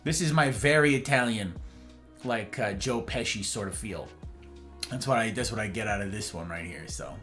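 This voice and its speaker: A man's voice: on the low side, normal speed, fairly bright tone, soft background music. A man streaming from home, chatting casually and greeting his viewers by name with playful flourishes. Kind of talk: casual livestream chat.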